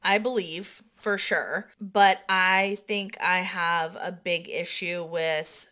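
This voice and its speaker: Co-host: young woman, very bright tone, rambling and chatty. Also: fairly low pitch, fairly even intonation, takes it slowly. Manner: chatty, rambling anecdotes full of fillers. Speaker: podcast co-host. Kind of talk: casual chat.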